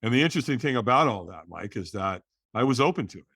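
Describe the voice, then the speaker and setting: A middle-aged man, a guest on a conversational show, telling his story in a lively, animated way, full of "you know" and "right". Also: mid-range voice, fast talker, no echo, studio quality.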